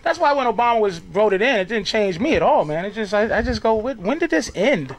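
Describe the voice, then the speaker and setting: A man doing a stand-up routine, ranting loudly and swearing, played from a live club recording. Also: high-pitched, very animated, a little fast. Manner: loud, ranting, swearing delivery. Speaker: stand-up comedian. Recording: live club clip with loud crowd laughter and noise. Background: audience laughing.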